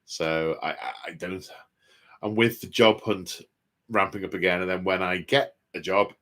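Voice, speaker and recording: A man's voice: sits low, steady tone, moderate pace, sharp tone. Man rambling with fillers. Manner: rambling, hesitant with many fillers and restarts. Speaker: host. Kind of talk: casual livestream chat.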